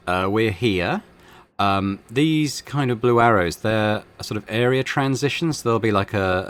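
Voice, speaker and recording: A man casually commentating a video game, relaxed and self-deprecating. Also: low-pitched. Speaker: gaming channel host. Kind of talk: casual let's-play commentary.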